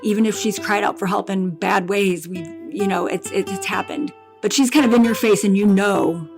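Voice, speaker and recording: Halting, emotional middle-aged woman. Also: medium pitch, steady tone, over music. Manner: halting and emotional, with restarts and repetition. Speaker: bereaved mother guest. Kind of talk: personal storytelling in a podcast interview.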